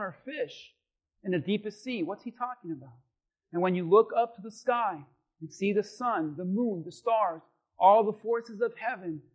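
High-pitched male pastor preaching with shouted punches. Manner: preachy, rising to shouted emphasis. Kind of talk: sermon.

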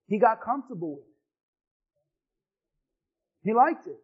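A male pastor with a strikingly high voice delivers an impassioned sermon. He drops to near-hushed asides, then rises into shouted, repeated refrains. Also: sing-song, a little slow, breathy edge, phone-quality sound.

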